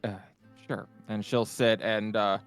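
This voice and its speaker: A man taking part as a player in a tabletop game, casual and relaxed. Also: on the low side, takes it slowly, clean tone, soft background music.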